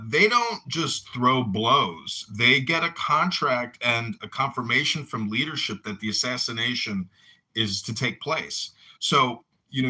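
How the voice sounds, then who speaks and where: A middle-aged man and mayoral candidate telling rambling, animated anecdotes in a casual audio chat room. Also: mid-range voice, breathy edge.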